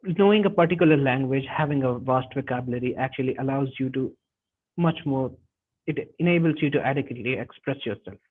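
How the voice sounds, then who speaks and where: A man's voice: mid-range voice, fairly quick, narrow, tinny audio. A man with an Indian English accent teaching a live online webinar, explaining step by step and often restarting and correcting himself. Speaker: webinar instructor. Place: home or office, online webinar. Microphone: computer mic over a web call.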